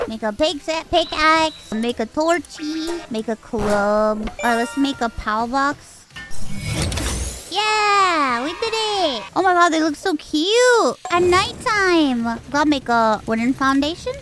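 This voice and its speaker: A woman streamer giving excitable live commentary on a game she is playing, squealing, swearing and cooing cutely at creatures. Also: sits high, a little slow. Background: game music.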